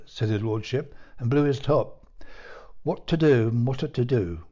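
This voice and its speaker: A man reads his own storybook aloud, measured and playful. His voice is mellow and dark, with a middle pitch, and the recording sounds dull and lo-fi. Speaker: author.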